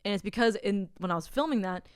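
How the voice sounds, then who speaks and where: Brief: young woman podcast co-host, clear smooth voice, close dry mic, candid and self-mocking. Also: medium pitch, expressive, fast, no echo. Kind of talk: casual chat.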